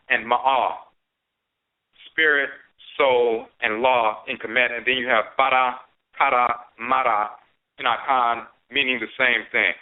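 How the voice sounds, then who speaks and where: A man at a middle pitch teaches in a steady, methodical way, slowing down on key terms and repeating them for emphasis. His voice comes through a narrow, tinny phone line, as on an old internet radio call-in broadcast. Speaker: radio show host. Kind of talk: spoken lecture on language and spiritual tradition.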